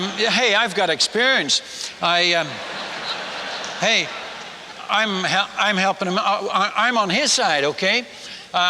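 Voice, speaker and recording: A male preacher tells a sermon story in an animated, self-mocking way, often stumbling and starting over. His voice is very bright and cutting. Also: sits high, big-room sound. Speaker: missionary preacher.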